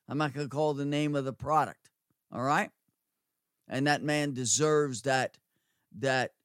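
A middle-aged man preaching a sermon, slowly repeating phrases for emphasis and swinging between loud and quiet. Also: medium pitch, clean tone, dry recording, clean studio sound. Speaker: preacher, former nursing home chaplain.

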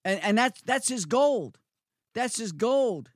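A man's voice: extremely high pitch, lively intonation, slow pace, dry recording, studio quality. A man preaching a sermon, repeating words for emphasis and asking the listeners rhetorical questions.

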